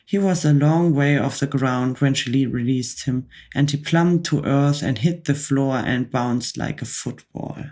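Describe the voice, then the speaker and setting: A woman reading a children's book aloud as a calm whispered role-play for bedtime. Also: very deep voice, measured pace, few pauses. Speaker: ASMR book reader.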